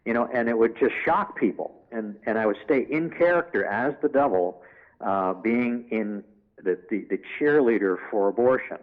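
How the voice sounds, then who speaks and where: A man guest in an interview, telling anecdotes in an animated way and acting out the voices he quotes. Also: on the low side, moderate pace, lo-fi sound.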